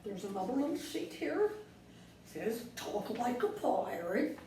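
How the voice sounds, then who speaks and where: A woman's voice: medium pitch, animated, unhurried, warm tone. A woman hosting a children's craft lesson in a playful pirate persona, telling corny jokes and giving step-by-step instructions. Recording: echoey room from a distant mic with faint noise.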